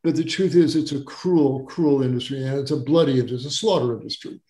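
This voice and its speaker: A man's voice: medium pitch, quick pace, warm tone, roomy sound. An older man from Wisconsin, a doctor being interviewed, telling his story earnestly and stressing words by repeating them. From Wisconsin, USA. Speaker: guest doctor.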